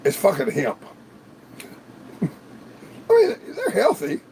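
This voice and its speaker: A man's voice: on the high side, wildly swooping pitch, measured pace, vocal fry, long pauses, mellow, a little hiss or hum. A man hosting a livestream in casual, rambling chat, swearing freely and laughing often. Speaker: livestream host. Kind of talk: casual live-stream chat.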